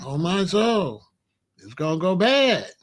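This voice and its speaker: A man's voice: high-pitched, sing-song, slow pace. A man in his late sixties, a show host, telling family stories in a casual, streetwise, boastful way with plenty of slang. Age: 60s. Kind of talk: casual storytelling monologue.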